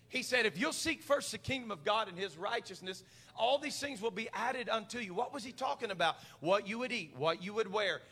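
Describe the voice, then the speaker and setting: A man preaching a sermon as pastor, building to loud shouted passages and mimicking worried church members. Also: sits high. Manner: preaching with rising intensity and crowd call-and-response.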